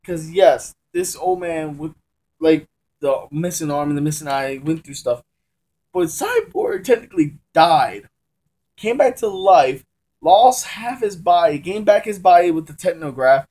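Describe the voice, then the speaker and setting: A young man chats casually about a comic he is reviewing, filming at home in the middle of a move. His voice sits a bit high but has a mellow, soft edge. He rambles, restarts sentences and corrects himself in easy slang. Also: very animated, unhurried. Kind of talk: casual chat. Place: room at home during a move.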